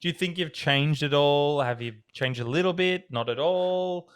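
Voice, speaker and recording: A man's voice: a little high, moderate pace, clear, resonant tone. A man in his thirties with an Australian accent, co-hosting a podcast in casual chat, joking and storytelling with swearing. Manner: joking, animated storytelling with frequent swearing and laughter. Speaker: podcast co-host.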